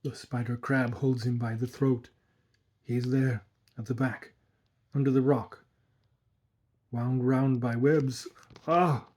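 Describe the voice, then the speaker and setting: A man's voice: medium pitch, steady tone, takes it slowly, pauses often, a little mellow. A man reading aloud and voicing a terrified old woman servant in a trance, gasping and strangled. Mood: entranced dread.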